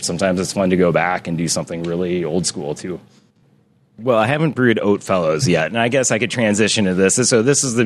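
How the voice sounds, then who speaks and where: A man talking as a brewer, rambling and correcting himself as he explains his beers at length. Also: low voice. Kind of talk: casual podcast chat.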